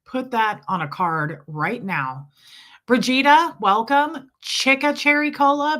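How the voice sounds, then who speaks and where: A hoarse woman hosting a casual livestream, chatting and greeting viewers by name as she reads their comments aloud. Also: fairly high pitch, very animated, a little slow, sharp tone. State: hoarse from illness. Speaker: livestream host.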